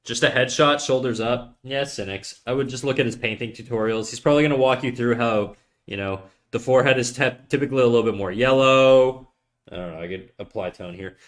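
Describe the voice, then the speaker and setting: A man's voice: medium pitch, a little fast. A man streaming while he draws, chatting casually with viewers and giving loose drawing tips in a rambling, joking way that often breaks off mid-sentence. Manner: rambling, self-interrupting, jokey.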